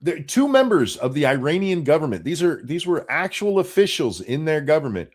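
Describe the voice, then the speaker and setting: A man's voice: on the high side, sing-song, brisk. A man co-hosting a casual political chat show, talking bluntly and with profanity, often restarting his sentences. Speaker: show co-host.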